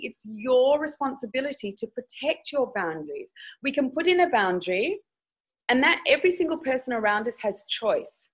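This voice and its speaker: A woman's voice: fairly high pitch, husky, poor audio. A woman speaking as a sex educator guest in a candid podcast interview, frank and emphatic as she tells stories.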